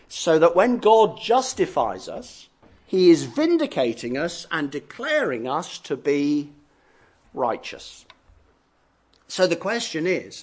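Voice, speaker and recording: A man preaching an expository sermon, explaining earnestly and voicing imagined listeners in dialogue. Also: sits high.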